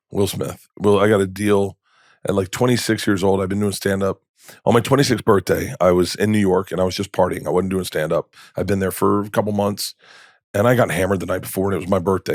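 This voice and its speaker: A man's voice: deep voice, no echo, clean studio sound. A male comedian who is a podcast guest, telling stories in a casual interview and acting out the people in them. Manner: animated, acts out the people in his stories. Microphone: studio podcast mic.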